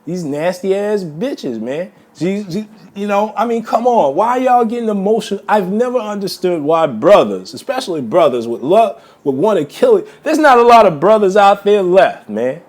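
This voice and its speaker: Heated ranting man, lively high voice. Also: moderate pace, hardly any pauses. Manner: heated, repetitive, addresses listeners as brothers, says man constantly. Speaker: vlogger. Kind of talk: ranting monologue to camera.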